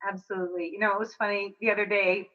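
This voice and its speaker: A woman's voice: medium pitch, little pitch movement, fast, muffled recording. A woman hosting a podcast, chatting in an affirming way with her guest. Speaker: podcast host. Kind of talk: casual interview chat.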